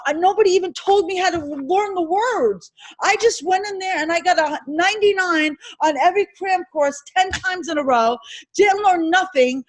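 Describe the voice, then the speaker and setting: High-voiced woman teaching a licensing class. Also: rough recording. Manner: animated, repetitive drilling, quizzing students. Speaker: insurance licensing instructor. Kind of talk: classroom lecture.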